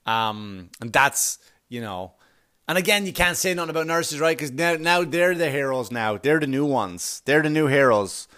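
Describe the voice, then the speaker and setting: A man hosting a podcast, telling a rambling, profane story in a sarcastic way, with loud bursts of exasperation. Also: on the high side, animated, normal speed. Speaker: podcast host. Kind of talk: casual comedic storytelling.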